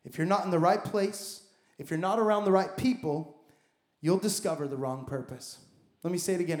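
A man's voice: high voice, a little fast, darkish tone. A man preaching a sermon as pastor, emphatic and building his points with repeated phrases. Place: church sanctuary. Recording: echoey church hall.

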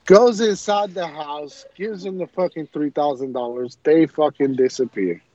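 A man with a high voice chats casually on a podcast. He tells stories animatedly and swears often. The recording sounds dull and muffled. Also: normal speed. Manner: animated, profane storyteller. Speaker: podcast co-host. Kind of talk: casual chat.

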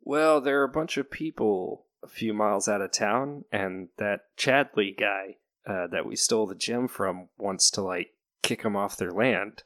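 Deep-voiced playful tabletop player. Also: unhurried, hardly any pauses, no room sound, studio quality. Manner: playful, tells deadpan absurd stories. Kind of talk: tabletop game play.

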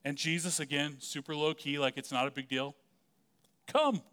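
Male preacher, slightly high and very clear voice, chatty and playful delivery. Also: little pitch movement, fairly quick, sharp tone. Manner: casual and joking, many "like" fillers. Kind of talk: conversational sermon.

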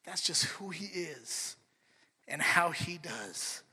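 A middle-aged man preaching a sermon and telling a family story with animated swings between soft and loud talk. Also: fairly high pitch, slow, breathy edge, big-room sound. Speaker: pastor.

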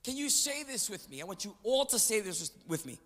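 A high-pitched guest preacher with big pitch swings talks a little fast in a fairly bright tone. He jokes and trades call-and-response with the congregation during an energetic sermon, and the large church hall adds plenty of reverb.

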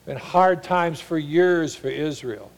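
A man delivers a sermon from the pulpit in an earnest, pastoral way. His voice sits a little high for a man, and he slows down and softens on the lines he wants to land. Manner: earnest, shifts into mock voices for paraphrase.

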